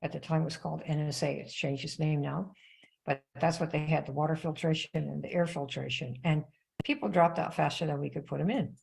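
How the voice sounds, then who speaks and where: Older female sales coach, low gravelly voice, lively conversational delivery. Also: a little fast, low-quality recording. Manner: animated storytelling, conversational. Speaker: network marketing coach. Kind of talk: casual live-stream talk.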